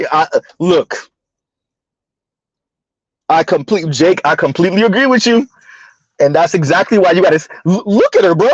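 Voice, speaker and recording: On a dull, dry lo-fi recording with no room sound, a high-voiced man runs a relaxed livestream. He reads the chat aloud, chats with his viewers, laughs frequently and stumbles on repeated words.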